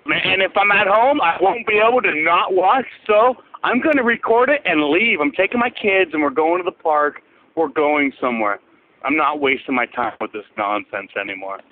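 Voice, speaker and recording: Angry swearing man on a phone line. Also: a little high. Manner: profane, angry ranting. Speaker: caller. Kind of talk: voicemail rant. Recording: tinny phone line with hiss.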